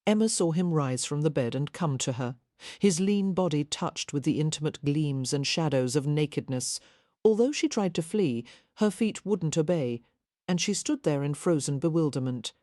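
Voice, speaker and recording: A woman with a low, mellow voice narrates a historical romance in soft, measured storytelling. The recording is dry and close. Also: animated, dry recording. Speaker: audiobook narrator. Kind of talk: scripted narration.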